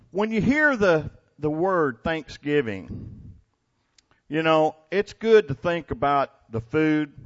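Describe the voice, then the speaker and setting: A man's voice: a little high, highs cut off. A man, preaching a sermon to his congregation in a folksy, storytelling way, often laughing and restarting his words. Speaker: pastor. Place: church before a congregation.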